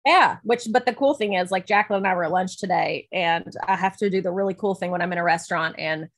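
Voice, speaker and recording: A woman co-hosting a podcast in casual chat, talkative and self-deprecating, with a slight lisp from clear aligners in her teeth. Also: fairly low pitch. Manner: chatty, self-deprecating, quick to laugh. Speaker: podcast co-host.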